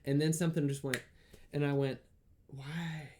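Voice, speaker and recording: A man's voice: a little high, little pitch movement, fast, a little hiss or hum. A man co-hosting a comedy podcast in casual chat, rambling and laughing often. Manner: rambling, laughs often, acts out his thoughts in a hushed voice. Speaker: podcast co-host.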